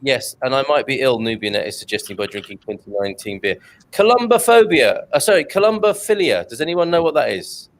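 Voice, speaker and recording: A man's voice: medium pitch, very animated, fairly quick, a little hiss or hum. A man hosting an online chat show over a video call, joking, reading out chat comments and laughing often. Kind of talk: casual banter on a video call.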